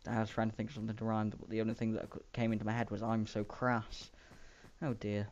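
Over a dull lo-fi home mic with faint hiss, a man delivers casual Minecraft let's play commentary, rambling, poking fun at himself, and making playful sound effects. His pitch is fairly low and his tone warm, but he speaks in a rapid-fire monotone.

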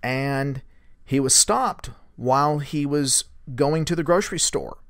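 A man casually retells a source's encounter as host, in a relaxed, rambling way with fillers and lively quoted speech. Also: medium pitch, measured pace, no echo, clean studio sound. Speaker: host recounting a source's story. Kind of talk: conversational storytelling.

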